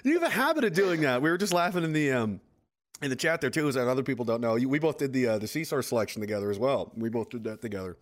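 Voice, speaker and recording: Male host, thirties, casual profane storyteller, very lively delivery. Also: mid-range voice, fast. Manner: profane, animated storyteller, acts out quotes. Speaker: podcast host, military veteran.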